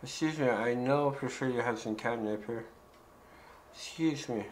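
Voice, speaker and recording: A man's voice: mid-range voice, unhurried, slight background noise, low-quality recording. A man giving casual let's-play commentary, joking and talking back to the characters in the game. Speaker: gaming YouTuber.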